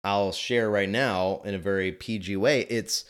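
A man in his twenties giving chatty movie commentary, animated and quick to laugh. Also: on the low side, clean tone. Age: 20s. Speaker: video host.

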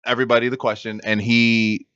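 An easygoing man co-hosts a podcast, talking casually with a middle-pitched voice. The sound is dry and close, and a little muffled. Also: level tone, a little fast, a bit bright, clear, resonant tone, no room sound. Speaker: podcast co-host. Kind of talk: casual chat. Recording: slightly muffled podcast audio.

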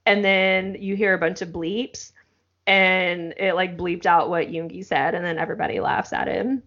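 A woman's voice: lowish voice, fairly even intonation, moderate pace, fairly bright tone, muffled recording. A woman co-hosting a podcast in a casual, chatty way, with many fillers. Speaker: podcast co-host. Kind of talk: casual chat.

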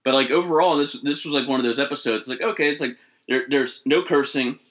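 A man co-hosting a podcast, chatting casually with rambling, halting restarts. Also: mid-range voice, a bit bright. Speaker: podcast co-host. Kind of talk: casual chat.

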